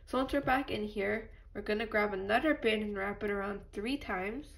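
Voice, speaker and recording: A woman with a stuffy nose from allergies, calmly talking through a step-by-step craft tutorial and apologizing now and then. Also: medium pitch, normal speed, creaky. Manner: patient, apologetic instructions.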